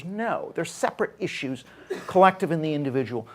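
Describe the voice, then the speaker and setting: A man's voice: fairly high pitch, lively intonation, fairly quick, fairly bright tone. A man giving a public talk as a panel speaker, explaining earnestly and often correcting himself mid-sentence. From Canada. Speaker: panel speaker, social scientist. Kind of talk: public talk at a debate event.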